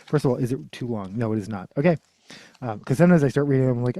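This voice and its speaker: A man chatting casually about library books as a streamer, often correcting himself and trailing off into quiet mumbles. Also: medium pitch, expressive, quick pace, no room sound. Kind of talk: casual rambling chat.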